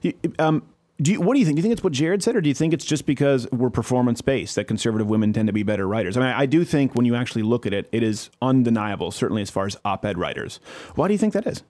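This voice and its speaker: A man's voice: medium pitch, animated, rapid-fire, a little mellow. A man from Canada hosting a casual political talk show, joking and laughing often. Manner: jokey, mocking, laughs a lot. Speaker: show host.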